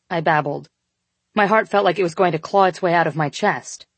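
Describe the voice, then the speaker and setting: A woman reading a first-person audiobook in steady, measured scripted narration. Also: on the low side, slightly rough, dry recording.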